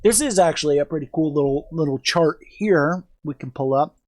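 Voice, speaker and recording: A woman's voice: sits low, fairly quick, darkish tone. A woman streamer with a cold, chatting casually on a livestream, joking and swearing as she rambles. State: sick with a cold.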